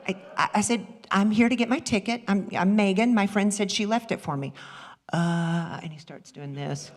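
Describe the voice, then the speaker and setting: A middle-aged woman minister telling a personal story in a sermon, animated and acting out the voices she quotes. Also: mid-range voice, moderate pace. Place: church sanctuary. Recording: long reverb of a large hall.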